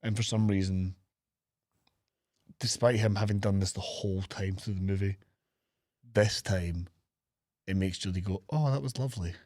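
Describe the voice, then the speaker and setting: Animated man recapping a film. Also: low-pitched, moderate pace, long pauses, no room sound, clean studio sound. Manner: animated retelling with acted-out quotes and laughter. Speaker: podcast co-host. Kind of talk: casual chat recapping a film.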